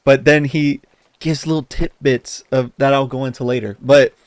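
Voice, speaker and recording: A man co-hosting a podcast, telling a story in casual chat, animated, laughing as he talks and swearing often. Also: mid-range voice, normal speed, no echo. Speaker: podcast co-host.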